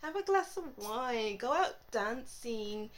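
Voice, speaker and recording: A woman doing a casual tarot reading monologue, playful and giggly, with soft, reflective stretches. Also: on the high side, animated, slow, low-quality recording. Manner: playful and giggly, breaks into song and laughter; soft, intuitive, reflective delivery. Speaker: tarot reader.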